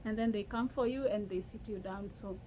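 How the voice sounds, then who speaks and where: A woman's voice: mid-range voice, brisk, slight background noise, poor audio. A young Kenyan woman with a Kenyan accent, chatting animatedly in a casual vlog and restarting her sentences often. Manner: animated storytelling with frequent laughs and restarts. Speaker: vlogger. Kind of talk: casual chat.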